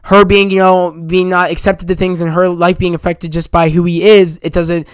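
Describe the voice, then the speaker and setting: A man talks through a film in a casual spoiler review, eagerly retelling scenes and acting out bits of dialogue. His voice sits fairly high and sounds smooth. The recording is dry, with no room sound. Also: flat delivery, moderate pace, no echo.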